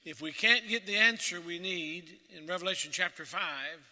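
A male preacher opening a sermon and reading scripture aloud in a measured, deliberate way. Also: high-pitched, pushed and bright, big-room sound. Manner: measured, deliberate reading of the King James text.

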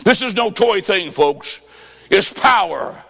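Fervent high-voiced male preacher in a hall. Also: expressive, slow, gravelly, fairly bright tone. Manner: fervent, emphatic, calling out to the crowd. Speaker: evangelist preacher. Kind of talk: revival sermon. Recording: echoey hall with long reverb.

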